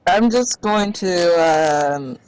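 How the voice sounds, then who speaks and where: A woman's voice: lowish voice, expressive, very slow, darkish tone, clear, resonant tone, no room sound, rough recording. A woman playing a tabletop game, thinking aloud and hesitating as she talks. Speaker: player. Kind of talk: casual game play.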